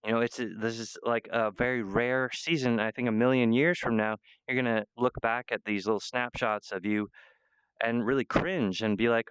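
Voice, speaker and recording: Rambling man, smooth dry voice. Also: mid-range voice, fairly even intonation, normal speed, a bit bright, no room sound, highs cut off. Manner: meandering, full of fillers and restarts. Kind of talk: rambling spiritual monologue.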